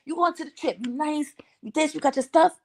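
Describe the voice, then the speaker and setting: A woman doing a loud, hyped-up New boy. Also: sits high, brisk, voice pushed up. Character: brash young street boy hyping a friend.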